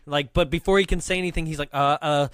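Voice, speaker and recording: A man's voice: fairly high pitch, fairly even intonation, rapid-fire, no echo. A man co-hosting a movie podcast, chatting casually and laughing often as he quotes the film. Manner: laughs often, quotes lines in a put-on accent. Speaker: podcast co-host. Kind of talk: casual movie review chat.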